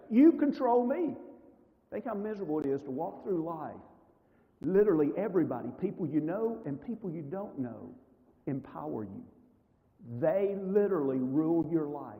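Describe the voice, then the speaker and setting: A man's voice: high-pitched, mellow, big-room sound, poor audio. A man teaching a church marriage seminar class in a conversational way, often asking the audience rhetorical questions. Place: church hall.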